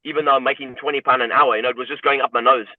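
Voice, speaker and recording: Guest: man from South Africa, reflective storyteller, mid pitch, dry tinny call audio. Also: steady tone, very fast, no room sound. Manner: reflective, repeats "you know" often. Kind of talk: personal story in interview. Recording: tinny phone-like line, dry.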